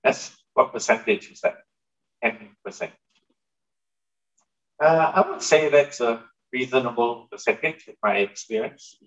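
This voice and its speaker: A man's voice: medium pitch, a little slow, pauses often, fairly bright tone, lo-fi sound. A male pastor giving a sermon in a conversational way, turning to the congregation with asides and questions. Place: church hall.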